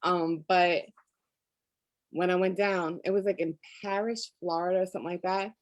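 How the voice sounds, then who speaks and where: A woman's voice: lowish voice, steady tone, normal speed, dry recording. A woman guest chatting casually in an interview, telling stories and laughing often. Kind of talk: casual chat. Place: lives in Florida.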